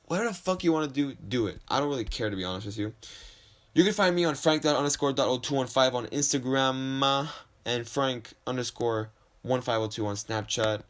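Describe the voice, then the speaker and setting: A man's voice: medium pitch, a little fast, fairly bright tone. A young man with a slight lisp hosting a solo podcast from his desk, rambling and swearing, often poking fun at himself. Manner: rambling, profane, self-deprecating. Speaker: podcast host. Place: home desk.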